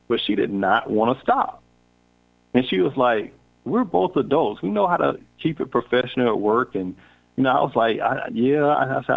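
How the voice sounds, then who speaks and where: A man of middle pitch tells a personal story candidly and casually, playing out both sides of the conversation. His voice comes through thin and tinny, like a phone line. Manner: animated, candid storyteller acting out dialogue. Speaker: podcast host.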